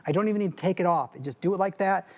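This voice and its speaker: A man's voice: very fast, a little mellow, slight background noise. A man presenting a cleaning gadget live on a TV shopping channel, chatty and joking as he demonstrates. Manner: chatty, upbeat pitchman with jokes. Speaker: product presenter. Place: TV shopping studio.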